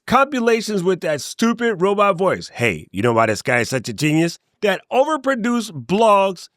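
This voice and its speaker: Male host, casual slangy delivery, very expressive pitch, dead dry booth. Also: dry recording. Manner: animated, slangy, playful asides. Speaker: creator coach, host. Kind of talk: casual direct-to-camera talk.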